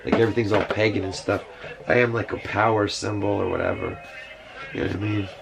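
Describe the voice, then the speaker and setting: A man's voice: lowish voice, steady tone, brisk, vocal fry, very noisy. A man rambling through a casual monologue to camera, meandering with many fillers and side remarks. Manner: meandering, full of fillers and asides. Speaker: vlogger. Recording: music playing behind.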